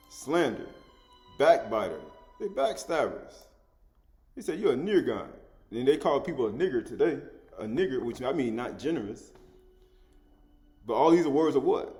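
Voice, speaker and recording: A man of middle pitch leads an informal Bible study in a loose, conversational way. He chuckles often, repeats his words and keeps checking in with "right?". Faint music plays behind him. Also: a little mellow. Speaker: scripture teacher.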